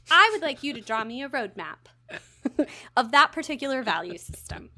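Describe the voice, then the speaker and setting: A woman's voice: high-pitched, normal speed, no echo. A woman co-hosting a podcast, chatting casually and wryly with lots of fillers. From United States. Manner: animated, wry, many fillers like "like". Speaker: podcast co-host. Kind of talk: casual chat.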